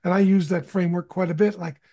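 A middle-aged man, a guest on a podcast, telling anecdotes in a relaxed way, often restarting his sentences. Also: high-pitched, fast talker. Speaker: guest, conflict consultant. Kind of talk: conversational storytelling.

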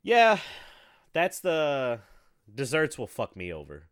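A man's voice: medium pitch, huge pitch swings, takes it slowly, smooth, no echo. Profane rambling man in a dry room. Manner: profane, rambling storyteller, bursts of loud laughter. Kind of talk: casual chat.

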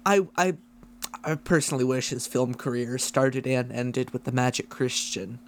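A man's voice: medium pitch, steady tone, moderate pace, a little hiss or hum. A man co-hosting a casual chat podcast, making dry joking asides. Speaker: podcast co-host.

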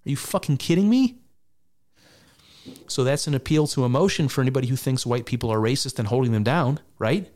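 A man's voice: medium pitch, lively intonation, fairly quick, a little mellow. A man giving sarcastic, exasperated and profane reaction commentary on a debate. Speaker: political commentator.

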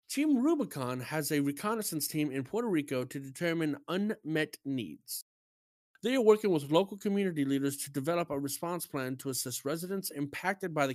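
A man co-hosts a gaming podcast, reading news aloud with animated delivery. His voice sits a little high and swings widely in pitch. The sound is dry and close, with no room echo. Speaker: podcast co-host.

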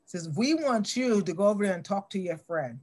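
A middle-aged woman telling a story in an interview, acting out the dialogue with lively shifts in voice. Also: mid-range voice, fairly quick.

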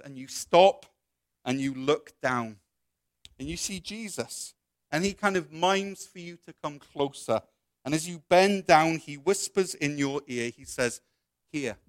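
A man delivers a sermon as a story told straight to the listener, then moves into prayer. His voice sits a little high. The sound is dry and close, with little room in it. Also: no echo. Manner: storytelling, second person, with soft quoted voices. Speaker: preacher.

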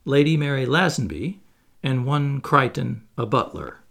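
A man reading aloud, voicing a proud, restrained former butler who speaks gravely and searches his own feelings. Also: medium pitch, big pitch swings, fairly bright tone, exaggerated voice. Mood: earnest. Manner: grave, measured, self-searching.

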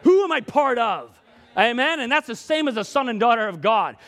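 A man preaching a sermon, his voice sitting high and swooping up and down with animation. He swings between emphatic outbursts and quiet asides as he works through scripture. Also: sing-song, normal speed. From Scotland. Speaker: pastor.

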